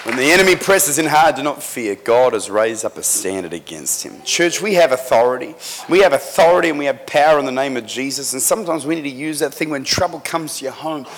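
A middle-aged man preaching a sermon in a church, telling stories with fervent, emphatic delivery that builds to loud climaxes. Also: mid-range voice, animated, fairly quick, some chatter behind. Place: church sanctuary. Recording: echoey church hall.

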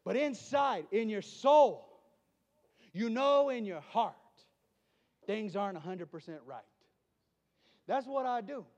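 A man preaching a sermon in a church, telling stories and rising to emphatic shouts. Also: high voice, animated, takes it slowly, pauses often, big-room sound, dull audio. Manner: emphatic, shouting peaks, storytelling asides. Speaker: traveling preacher. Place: church sanctuary.

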